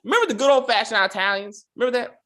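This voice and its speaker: Man, podcast host, casual review chat, swears a lot, acts out quotes, lively up-and-down voice. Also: extremely high pitch, rapid-fire. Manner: animated, profane, acts out quotes.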